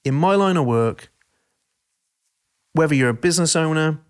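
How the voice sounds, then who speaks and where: A man hosting a podcast in casual chat, talking in an animated, passionate way. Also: fairly high pitch, moderate pace, smooth. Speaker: podcast host.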